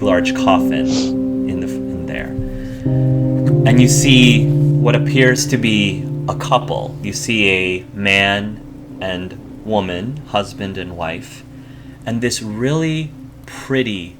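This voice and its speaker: A man narrating as game master in a tabletop role-playing game, describing scenes with frequent ums and likes. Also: low voice.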